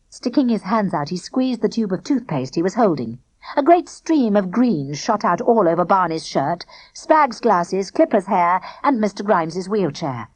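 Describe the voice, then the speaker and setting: A woman narrating a children's storybook in an animated, expressive way. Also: medium pitch, normal speed, dry recording, poor audio. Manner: animated, acting out the characters. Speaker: audiobook narrator.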